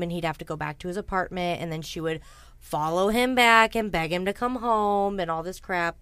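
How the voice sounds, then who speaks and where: A woman's voice: fairly low pitch, a bit bright, smooth, no room sound. A woman casually telling a true-crime story to a co-host, chatty and blunt, swearing freely, with frequent ums and asides. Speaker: podcast host.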